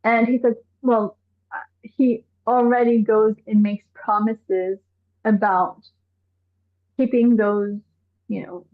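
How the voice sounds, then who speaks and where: A high-voiced woman from Iran speaks as a guest on a live show, sounding animated and exasperated as she poses one rhetorical question after another. Her voice comes over a thin, phone-like video call line. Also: slow pace, pauses often. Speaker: activist guest. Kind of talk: live online discussion. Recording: tinny phone-like call audio.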